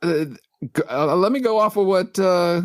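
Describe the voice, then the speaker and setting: A man's voice: sits high, moderate pace, no room sound. A man co-hosting a casual podcast roundtable, talking hesitantly with many fillers and restarts. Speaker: podcast co-host.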